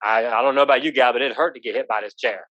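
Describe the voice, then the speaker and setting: A man's voice: mid-range voice, steady tone, fast, pushed and bright, dry recording. A man runs a live safety training, folksy and full of stories, keeps asking the room "right?" along the way. The sound is dry and a bit dull, like a lo-fi recording. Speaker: police trainer.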